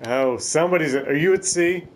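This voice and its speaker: A man's voice: fairly high pitch, moderate pace, slight background noise. A man giving casual, profane gameplay commentary, laughing often and trash-talking his opponents.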